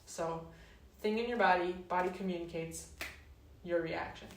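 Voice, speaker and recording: A woman talking through ideas in a reflective, casual monologue, unhurried and searching, drawing out words and trailing off softly. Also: recorded from a distance, slight background noise. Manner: unhurried, searching, drawn-out phrasing with soft trailing lows. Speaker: wellness host. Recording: roomy, mic set back.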